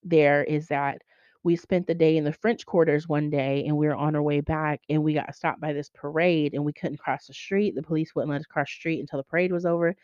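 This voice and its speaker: A woman hosting a faith podcast, telling stories in an animated way and acting out other people's voices. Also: sits low, fairly quick, no echo. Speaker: podcast host. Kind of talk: faith podcast chat, storytelling. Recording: dull lo-fi sound.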